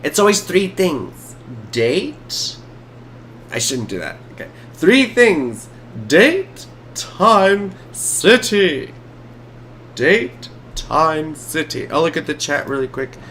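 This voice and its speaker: A woman's voice: sits low, expressive, unhurried, a bit bright, slight background noise. A woman in her forties, an astrologer giving chatty, playful live chart readings on a stream.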